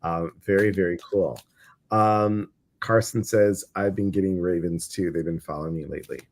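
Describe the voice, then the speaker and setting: A man's voice: deep voice, steady tone, moderate pace. A man with a Midwestern American accent co-hosting a spiritual livestream in casual, playful chat, often repeating his words over a video call.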